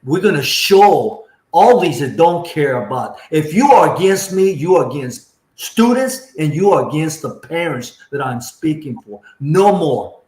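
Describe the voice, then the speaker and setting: A man making an impassioned case as a school board candidate, hammering his points home and repeating lines for emphasis. His voice sits somewhat high for a man. The recording has a roomy echo around it. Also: big pitch swings, measured pace, darkish tone. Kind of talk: impassioned campaign speech. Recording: echoey room sound.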